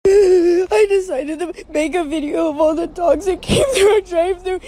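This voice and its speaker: A woman's voice: extremely high pitch, normal speed, dark tone. A woman who works at a drive-thru, crying as she thanks customers for bringing their dogs. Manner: tearful, grateful.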